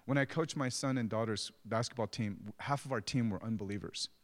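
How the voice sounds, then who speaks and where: A man's voice: on the low side, brisk. A middle-aged man preaching as a pastor, conversational and self-deprecating as he tells stories about his own family. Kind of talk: sermon. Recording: long hall reverb.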